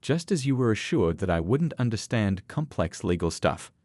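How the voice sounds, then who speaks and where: Man voicing a calm, precise woman justice. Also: lowish voice, no echo. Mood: measured. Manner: measured, even and professional. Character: calm, precise female supreme court justice.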